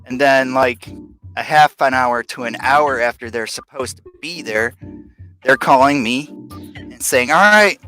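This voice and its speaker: A man's voice: on the high side, pushed and bright, poor audio. A man hosting a casual live stream chat, rambling and venting with lots of fillers and restarts. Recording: faint music behind.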